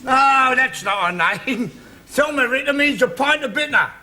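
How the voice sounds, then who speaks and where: A man's voice: very high-pitched, measured pace, bright, forceful tone, full character voice. A man with a Cockney accent playing a blunt school caretaker in a sitcom.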